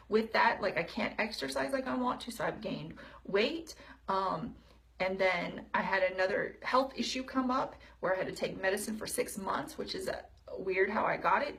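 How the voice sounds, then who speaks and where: A woman shares personal reflections in a video diary. Her voice has a gravelly, fry-tinged edge. She speaks haltingly, stopping and restarting often and filling pauses with "um" and "like.". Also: mid-range voice, a bit bright. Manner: halting, many fillers and restarts. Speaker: video diarist.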